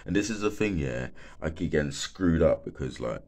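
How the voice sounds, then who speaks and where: A man's voice: rumbling low, expressive, normal speed, darkish tone. A young man, a bit stoned, rambling casually and swearing a lot, peppering every sentence with filler words. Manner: rambling, swears a lot, fills with "like, literally" and "mate". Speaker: former football stadium security worker.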